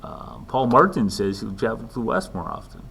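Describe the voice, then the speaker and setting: Low-voiced teacher. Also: male voice, expressive, moderate pace, creaky, a bit bright, a little hiss or hum. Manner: conversational, frequent ums, dry self-deprecating asides. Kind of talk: recorded lecture walkthrough.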